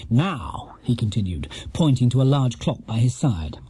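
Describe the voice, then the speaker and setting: A man narrating a children's storybook, dropping into low, hushed asides between the dialogue. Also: big pitch swings, normal speed, breathy edge. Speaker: audiobook narrator.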